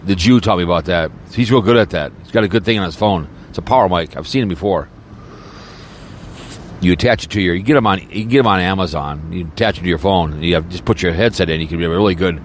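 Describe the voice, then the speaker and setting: A man's voice: sits low, fast talker, slight background noise. A man podcaster in a rambling, crude and mocking casual rant, talking from a car. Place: in a car, snowy weather.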